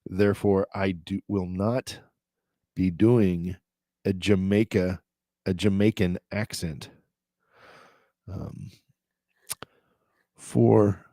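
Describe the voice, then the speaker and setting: A man's voice: on the low side, a little mellow, dry recording. Chatty male travel vlog host. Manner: chatty, rambling asides with fillers. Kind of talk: casual daily travel update.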